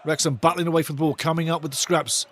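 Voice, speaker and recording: A man giving excitable, chatty live football commentary as host of a fan watch-along. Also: fairly high pitch, fast talker.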